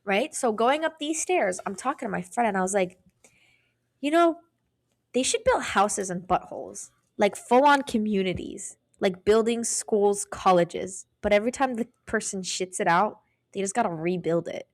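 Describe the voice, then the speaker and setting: A young adult woman with a medium-pitched voice at normal speed co-hosts a podcast, telling a story casually. She's animated, swears freely, and acts out the voices of the people she quotes.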